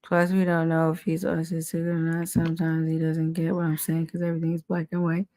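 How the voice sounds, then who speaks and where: A woman's voice: sits low, monotone, brisk, warm tone. A woman co-hosting a casual chat, blunt and exasperated, swearing freely as she presses her point.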